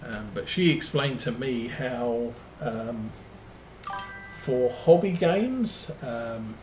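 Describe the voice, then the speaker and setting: Playing a farming game on stream, this man chats at a slow, easy pace, moving from anecdote to anecdote and saying um a lot. His ordinary-pitched voice is a little mellow with lively intonation, set in a roomy, echoey space with a faint hiss.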